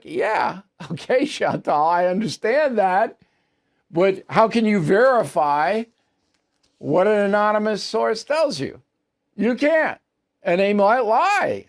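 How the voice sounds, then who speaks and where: A man's voice: high voice, big pitch swings, slow pace. A man in his seventies with an American accent, hosting a news commentary show and answering viewer mail in a blunt, emphatic, dismissive way. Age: 70s.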